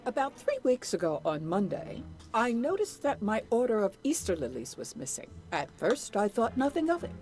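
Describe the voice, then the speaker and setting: A guarded flower shop owner in a game speaks in a formal, clipped way. Her pitch moves a lot. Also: sing-song, moderate pace, hardly any pauses, a little mellow, soft background music. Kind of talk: voiced game dialogue.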